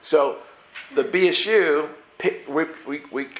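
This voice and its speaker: A male pastor preaching a sermon, telling a personal story in a lively way, acting out the dialogue and often restarting his sentences. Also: a little high, slow pace, echoey room.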